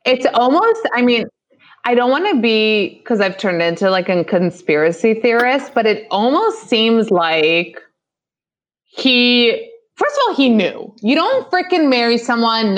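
A young woman co-hosting a casual gossip podcast, talking in an animated way with lots of fillers and quick mock impressions. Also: a little high. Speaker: podcast co-host.

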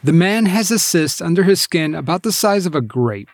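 A man's voice: high voice, lively intonation, moderate pace, a little hiss or hum. A man hosting and narrating a documentary, with a wry, incredulous delivery. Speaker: host.

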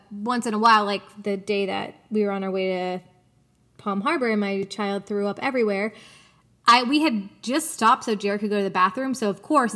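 A woman's voice: mid-range voice, sharp tone. A woman co-hosting a casual podcast, telling stories in a chatty way with many fillers. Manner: chatty storytelling, lots of likes. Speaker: podcast co-host. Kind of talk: casual chat.

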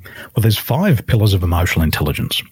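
A man, a life coach guest on a podcast interview, telling stories with lively emphasis and acting out the people he quotes. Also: deep voice, fast, slightly rough, no room sound. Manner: animated storyteller acting out quoted voices.

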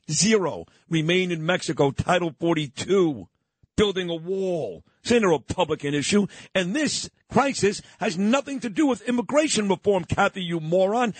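Combative husky male radio host. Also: high voice, no echo. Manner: combative, sarcastic, insulting. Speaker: radio talk show host. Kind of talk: opinionated talk radio monologue. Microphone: studio microphone.

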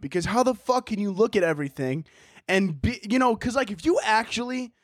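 High-voiced young man ranting on his podcast. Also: dry recording, clean studio sound. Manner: animated, profane, mocking impressions of people. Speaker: podcast host. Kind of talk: casual solo podcast rant. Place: indoors at home.

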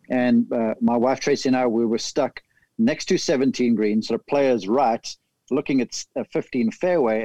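A man's voice: mid-range voice, warm tone, no echo, rough recording. A man, a golf analyst, telling a vivid story in casual chat.

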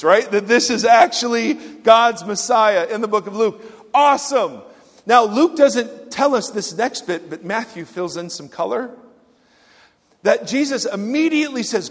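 High-voiced man preaching in a reverberant hall. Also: animated, moderate pace. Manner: dynamic, swings from loud emphasis to hushed quoted asides. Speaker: pastor. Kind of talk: sermon.

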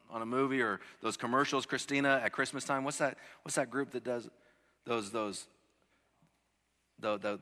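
In a large hall, a pastor in his thirties with a lowish voice delivers a sermon. He swings from loud, emphatic lines to soft ones and often repeats words as he restarts.

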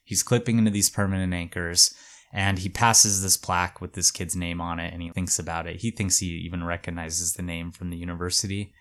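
A man hosting a podcast, casually telling a story with a relaxed, hedging manner and lots of fillers. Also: sits low, a little fast.

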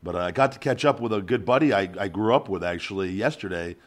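A middle-aged man hosting a casual podcast, teasing and swearing freely in loud, joking banter. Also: fairly low pitch, expressive, quick pace. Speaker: podcast host.

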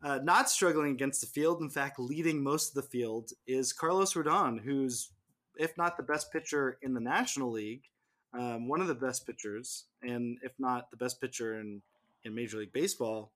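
Halting man in casual sports chat. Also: mid-range voice, fairly bright tone. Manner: halting, many restarts and repeated words. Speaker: podcast co-host.

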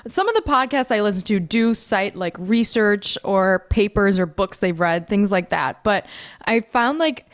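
A woman's voice: mid-range voice, lively intonation, measured pace. A woman with a Midwestern American accent co-hosting a podcast in chatty casual talk. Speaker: podcast co-host. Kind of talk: casual chat.

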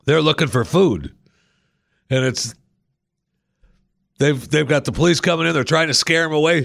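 Gravelly radio host guy riffing on the news, repeats himself a lot, dry close mic. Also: fairly high pitch, normal speed, long pauses, a bit bright, no room sound. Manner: chatty, joking, repeats himself. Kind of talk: casual talk radio monologue.

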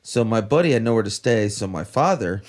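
A man's voice: on the low side, lively intonation, a little fast. A man from Florida, co-hosting a podcast in casual chat, laid-back and swearing as he tells stories. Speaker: podcast co-host.

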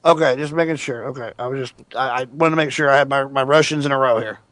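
A man's voice: medium pitch, quick pace, a bit bright, dry recording. A man hosting a call-in radio show, joking and opinionated. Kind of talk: casual call-in radio talk.

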